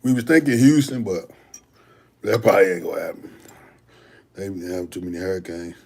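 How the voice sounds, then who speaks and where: A man's voice: low-pitched, steady tone, normal speed, vocal fry, a little mellow, breathy edge. A young man, a bodybuilder hosting a livestream and answering viewer questions in a laid-back, slangy way. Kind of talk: casual livestream Q&A.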